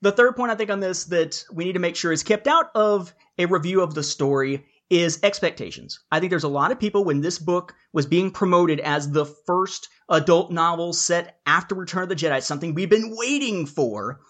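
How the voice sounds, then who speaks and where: A man's voice: high-pitched, moderate pace, few pauses, fairly bright tone. A man hosting a casual podcast discussion, chatty and jokey, laying out his points in order. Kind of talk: casual book-review discussion.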